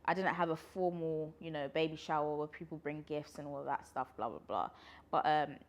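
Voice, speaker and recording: In a deep voice and at a fairly quick clip, a London vlogger in her twenties chats casually through a pregnancy Q&A. She sounds a little winded and laughs often.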